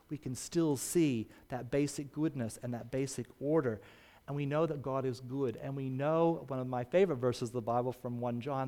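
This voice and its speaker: A man's voice: a little high, a little mellow. Earnest man preaching a sermon. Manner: earnest, rising emphasis on key words.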